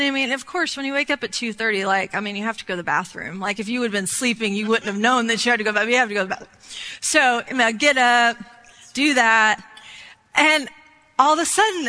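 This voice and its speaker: A high-voiced woman preaches in a loose, talkative way, telling stories and filling pauses with ums and likes. Her tone is bright and forward. The sound carries a long hall reverb. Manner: chatty storytelling with many fillers. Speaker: minister. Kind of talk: sermon.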